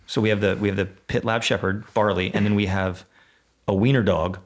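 A man, telling stories in a loose, swearing, animated way and acting out voices as a podcast guest. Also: on the low side, brisk. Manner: animated, swearing storyteller who acts out voices in quotes. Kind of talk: casual podcast chat.

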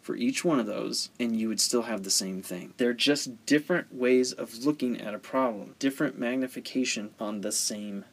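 A man's voice: medium pitch, normal speed, hardly any pauses. A man teaching story structure in a conversational way, often asking rhetorical questions. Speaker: writing teacher. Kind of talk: explaining story theory.

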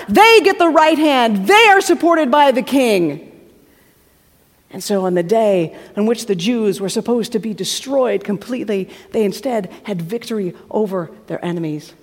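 A woman preacher retelling a story in a lively sermon, acting out the characters and dropping to a hush at tense moments. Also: on the high side, normal speed. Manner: acts out the characters with shifting voices, drops to hushed tones. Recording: hall reverb from a live talk.

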